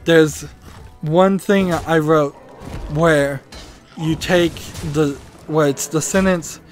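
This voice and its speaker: A man's voice: on the high side, steady tone, slow pace, soft background music. A man hosting a gaming video, musing and rambling as he thinks aloud while playing.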